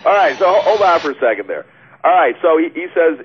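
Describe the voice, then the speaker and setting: A man's voice: fairly high pitch, sing-song, quick pace, slight background noise. A man hosting a talk radio show, sarcastic and steering the segment. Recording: tinny phone-like radio audio.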